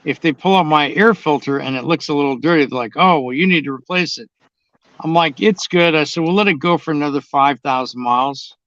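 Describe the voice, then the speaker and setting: Casting note: a blunt man who swears freely, voice on the higher side, dull lo-fi recording. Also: a little fast, a bit bright, no room sound. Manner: blunt, swears constantly, drawling storyteller. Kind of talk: casual profane chat. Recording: dull, dry lo-fi sound.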